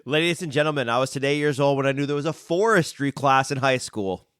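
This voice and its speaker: A man hosting a podcast in casual chat, enthusiastic and quick to laugh. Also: mid-range voice, a bit bright, clear, resonant tone, no echo, clean studio sound. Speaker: podcast host.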